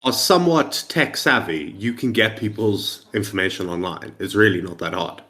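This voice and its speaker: A man with a fairly low voice co-hosts a casual podcast. He explains his points in an insistent, lecturing way and keeps stressing that they are simply facts. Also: animated, normal speed, sharp tone. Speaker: podcast co-host.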